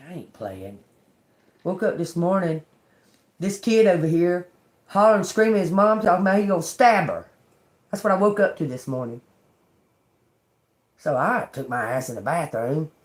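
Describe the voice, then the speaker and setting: A woman hosting a tarot livestream, chatting casually and reading Bible verses aloud. She talks in a loose, profane way, laughs often, and swings between loud outbursts and low muttered asides. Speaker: tarot reader and livestream host.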